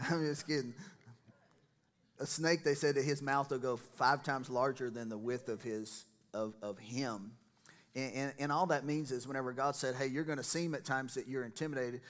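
Excitable preacher man. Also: medium pitch. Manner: excitable, joking with the congregation. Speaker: pastor. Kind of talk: sermon.

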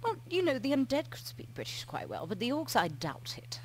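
A woman's voice: high-pitched, huge pitch swings, fairly quick, slight background noise. A woman in casual chat, giggly and doubting herself.

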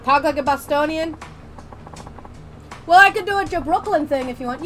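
A woman's voice: high voice, normal speed, sharp tone, faint music behind. A woman giving casual, joking commentary while playing a video game, swearing now and then. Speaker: gameplay streamer. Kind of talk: casual let's-play commentary.

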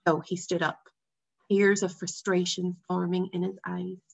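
A woman teacher reading a novel aloud to her class in a steady, expressive way. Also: fairly low pitch, a little slow, gravelly, husky. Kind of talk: read-aloud storybook narration. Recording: dull lo-fi sound.

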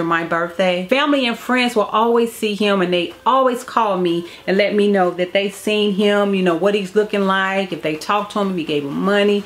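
A woman telling a personal family story to her vlog viewers in a candid, emotional way, often repeating phrases. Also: mid-range voice. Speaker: vlogger. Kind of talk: casual storytime to camera.

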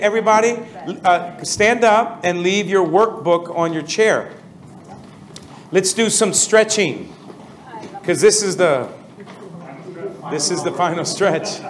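A man leading a prayer seminar as pastor, energetic and constantly asking the audience questions, with an American accent. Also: high-pitched. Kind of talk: interactive seminar teaching.

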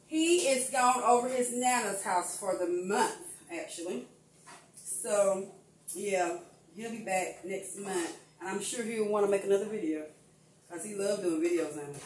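A woman's voice: mid-range voice, measured pace, a little hiss or hum. Older lady cooking in her kitchen, talks to y'all all easy and chatty, roomy sound from a ways off the mic. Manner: chatty, addresses viewers as y'all. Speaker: cooking vlogger. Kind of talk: casual home cooking vlog. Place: home kitchen. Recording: echoey room, mic at a distance.

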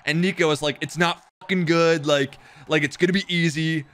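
A young man streaming a football video game, chatting casually with his viewers, excitable and swearing, with sudden loud outbursts. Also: on the high side, a little fast. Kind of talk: live game stream commentary.

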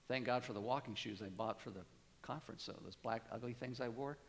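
A man's voice: fairly quick, vocal fry. Man in his sixties preaching in a reverberant church. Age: 60s. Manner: animated, rising to emphatic peaks then dropping low. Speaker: pastor. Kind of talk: sermon. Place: church sanctuary.

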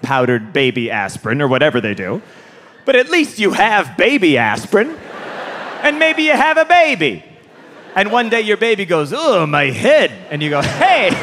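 A man doing stand-up comedy on a large theater stage, animated and incredulous, often shouting his punchlines. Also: a little high. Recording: live theater recording with crowd noise. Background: crowd laughing and applauding.

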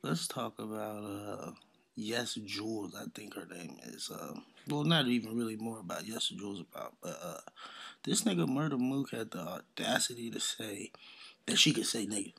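A man's voice: lowish voice, lively intonation, moderate pace, creaky, fairly bright tone, slightly rough. A man hosting his own podcast, ranting in a blunt, profane, heated way and mocking others in exaggerated voices. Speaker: podcast host. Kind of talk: casual solo podcast rant.

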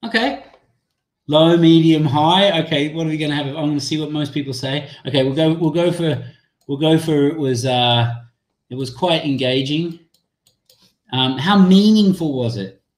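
A man's voice: fairly high pitch, moderate pace. A man presenting a live teacher-training webinar, chatty and apologetic, thinking aloud as he demos an app on a video call. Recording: echoey room sound.

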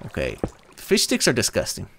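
A man's voice: lowish voice, huge pitch swings, normal speed, vocal fry, fairly bright tone, a little hiss or hum. A man playing along with friends, making dry teasing remarks. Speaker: co-player. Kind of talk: casual gaming chat.

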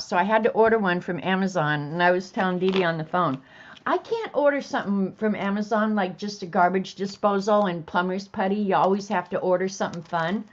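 A woman's voice: mid-range voice, lo-fi sound. A woman hosting a casual livestream, chatting to viewers and laughing easily as she reads funny bits aloud. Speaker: host.

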